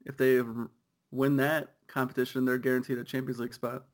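A man's voice: mid-range voice, flat delivery. A young man co-hosting a soccer podcast, chatting casually and riffing with easy laughs. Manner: laid-back, quick riffing with laughs. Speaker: podcast co-host.

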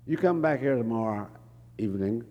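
A man voicing a commanding, wealthy older woman who runs a store, brisk and decisive. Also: mid-range voice, lively intonation, darkish tone, lightly acted. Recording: long hall reverb.

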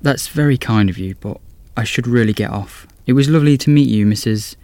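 A man's voice: medium pitch, fairly quick, darkish tone, no echo, lightly acted. A man voicing a polite, apologetic young woman estate agent in a storybook reading.

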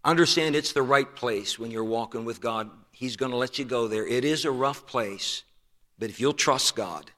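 An older man preaching a sermon and telling a personal story earnestly, growing soft and slow at tender moments. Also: medium pitch. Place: church sanctuary. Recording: long hall reverb.

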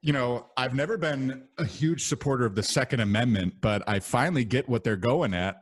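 Give me a mid-pitched man riffing on a comedy podcast, loose and profane. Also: fairly quick, breathy edge. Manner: rambling, profane, jokey. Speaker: podcast co-host. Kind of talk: casual comedic chat.

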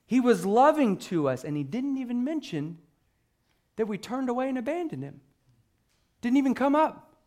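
Preaching at a normal speed with long pauses, a high-voiced pastor keeps his sermon loose and conversational, often restarting sentences and using fillers. Occasionally he dramatizes an excited back-and-forth, playing out the disciples' eager questions.

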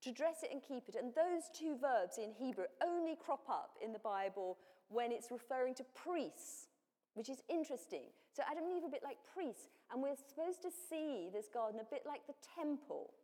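A woman's voice: high-pitched, animated, normal speed, warm tone. A woman giving a sermon, explaining scripture in a plain teaching manner with frequent self-corrections. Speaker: preacher. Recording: long hall reverb.

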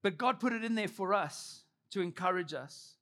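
Animated, bright-voiced male pastor. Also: high-pitched, moderate pace. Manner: animated storytelling, acts out quotes. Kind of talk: sermon.

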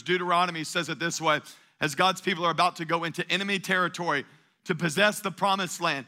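A male pastor delivering an energetic sermon in a church, calling on the congregation to answer back. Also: sits high. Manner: call-and-response preaching, energetic and emphatic.

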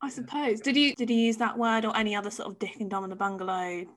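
A woman's voice: mid-range voice, little pitch movement, fast. A woman hosting a casual chat, curious, repeating words back and laughing readily. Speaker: host.

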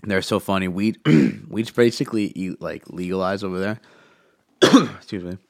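A very low-pitched man rambles through a travel story, stacking up "like" and "man" as he goes. His throat is swollen, a cough drop is in his mouth, and the close mic catches every swallow. The sound is dry and tight. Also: steady tone, moderate pace, gravelly, no echo. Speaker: podcast guest recounting travel. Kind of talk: casual chat. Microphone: close mic picking up swallowing.

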